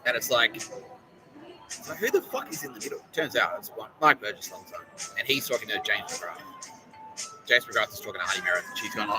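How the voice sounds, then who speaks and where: A man's voice: fairly low pitch, expressive, fairly quick, music in the background, rough recording. An Australian man hosting a podcast, delivering a profane, rambling monologue and mocking the people he talks about. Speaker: podcast host.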